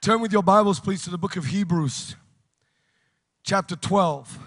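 A British man preaching a revival sermon, impassioned and shouting to a congregation in a large church hall. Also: sits high, a little slow. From United Kingdom. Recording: long reverb of a large hall.

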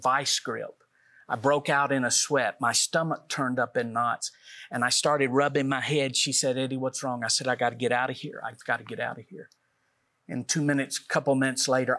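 A man tells the story of his own experience as a talk show guest. His telling is earnest, and he acts out the conversations he recounts. His voice sits at an ordinary middle pitch. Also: a bit bright. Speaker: guest author. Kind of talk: personal testimony on a talk show.

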